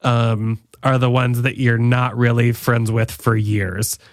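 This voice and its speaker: Deadpan rambling young man, dry studio sound. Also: medium pitch, takes it slowly, dry recording. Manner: deadpan, rambling with many ums and fillers. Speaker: podcast guest. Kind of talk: comedic mock wedding toast.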